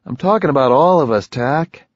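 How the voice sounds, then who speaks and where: A man plays a hard-edged male envoy agent in an audiobook, voiced noticeably higher than the narration. He pushes, needles and swears. The sound is dry and slightly dull. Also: lively intonation, dry recording, natural voice. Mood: pressing. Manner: wry, pressing, quick to swear. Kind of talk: audiobook character voice.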